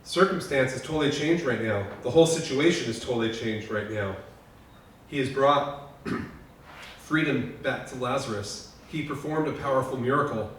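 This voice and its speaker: A man preaching at a memorial service, earnest and sweeping between loud peaks and hushed lines, in a lodge hall. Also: mid-range voice, moderate pace. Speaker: pastor. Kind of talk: memorial sermon. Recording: echoey hall from far off, faint noise.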